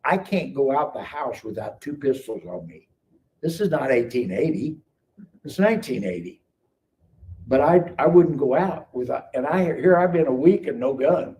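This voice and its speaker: A middle-aged man on a live stream, telling his life story in casual, animated speech and acting out the people in it. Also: mid-range voice, normal speed. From Kansas City area. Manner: animated, acts out quoted dialogue. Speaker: guest telling his testimony. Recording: distant mic with faint background noise.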